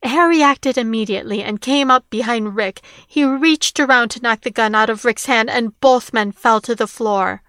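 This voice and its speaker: A woman narrating a novel chapter in a steady, plain reading voice. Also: fairly high pitch, normal speed, hardly any pauses, no echo, clean studio sound. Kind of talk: audiobook narration.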